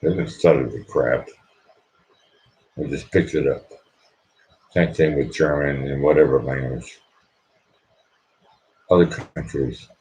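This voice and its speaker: A sleepy man hosting a late-night livestream, talking quietly and rambling so he won't wake anyone at home. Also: a bass voice, low-quality recording. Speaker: livestream host.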